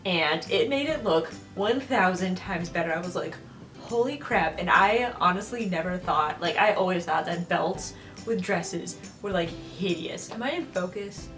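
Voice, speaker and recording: A woman's voice: fairly low pitch, normal speed, a bit bright. Chatty young woman in a roomy echo. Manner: rambling, full of "like" and "um". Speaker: vlogger. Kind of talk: casual chat. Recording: roomy echo, distant from the mic, faint music.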